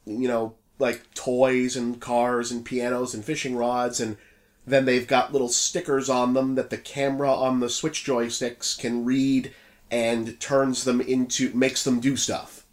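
A man's voice: medium pitch, level tone, unhurried. A man co-hosting a casual podcast chat, laid-back and mostly giving brief agreeing replies. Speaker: podcast co-host.

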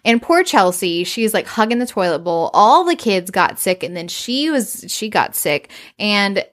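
Animated woman retelling a story. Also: mid-range voice, unhurried. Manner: animated, acts out quoted lines, swears casually. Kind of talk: casual chat recapping a story.

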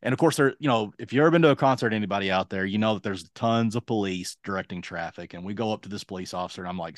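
A man's voice: fairly low pitch, very fast, hardly any pauses, no echo, studio quality. A man in his late thirties telling a long story on a podcast, acting out what everyone said. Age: late 30s. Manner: animated, acts out quoted dialogue. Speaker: podcast host. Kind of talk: casual storytelling.

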